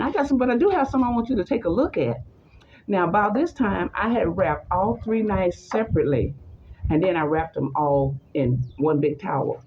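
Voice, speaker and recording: A woman's voice: medium pitch, moderate pace, muffled recording, a little hiss or hum. A woman telling a personal story in conversation, acting out the voices of the people in it. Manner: animated, acts out the voices in her story.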